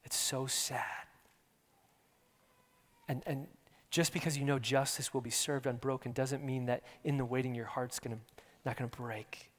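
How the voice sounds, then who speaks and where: A man preaching an earnest sermon, repeating his words and shifting between hushed near-whispers and loud emphasis. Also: medium pitch, steady tone, moderate pace. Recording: long hall reverb.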